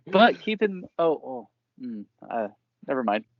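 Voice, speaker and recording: A man's voice: medium pitch, very animated, a little slow, dry recording. A man narrating and running a tabletop game in a loose, rambling way with frequent laughter. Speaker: game master. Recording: dry, dull lo-fi recording.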